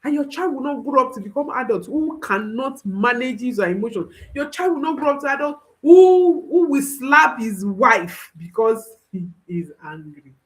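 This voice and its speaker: Woman, parenting coach, animated pitch, emphatic, repeats key phrases, reassuring, direct. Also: normal speed, rough recording. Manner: reassuring, speaks directly to listeners. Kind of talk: instructional talk to parents.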